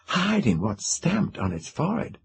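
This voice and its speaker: A man voicing an eager young woman student, pressing her partner with quick questions and ideas in a storybook reading. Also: a little high, huge pitch swings, vocal fry, pitched above the performer's own voice, heavily acted.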